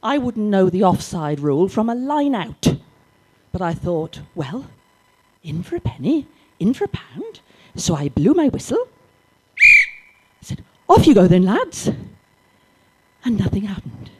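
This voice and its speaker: A woman's voice: mid-range voice, sing-song, moderate pace, slightly rough. Older woman telling a comic story. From Wales. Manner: dry storytelling with loud acted shouts. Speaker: stand-up comic. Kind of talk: stand-up comedy storytelling. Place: library comedy gig.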